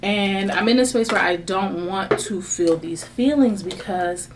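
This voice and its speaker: A vlogger in her thirties vents in a candid, casual chat, swinging between low, subdued lines and high, exasperated bursts while laughing through her frustration. She talks a little slowly, with background noise audible.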